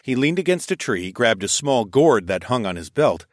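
A man reading a first-person story aloud, expressive and sometimes dropping to a whisper. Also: medium pitch, normal speed, no room sound, clean studio sound. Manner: expressive, shifts into whispers for dialogue. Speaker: audiobook narrator.

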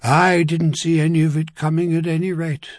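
A man's voice: fairly high pitch, level tone, moderate pace, no echo, clean studio sound, pitched above the performer's own voice, lightly acted. A man doing a frank middle-aged nobleman.

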